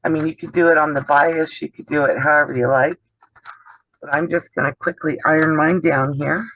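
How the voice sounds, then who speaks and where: The host of a sewing channel, a man with a bright voice on the high side, runs a casual demonstration over a video call. He talks fairly quickly with fairly even intonation, chatty and explanatory, often trailing off mid-sentence, and the call audio is dull and dry.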